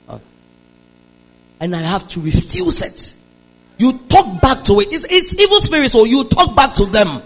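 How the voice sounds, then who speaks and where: A Nigerian woman preaching a sermon, moving between hushed storytelling and shouted declarations and calling on the congregation to respond. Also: fairly high pitch, sing-song, normal speed, long pauses, breathy edge, poor audio. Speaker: preacher giving a testimony.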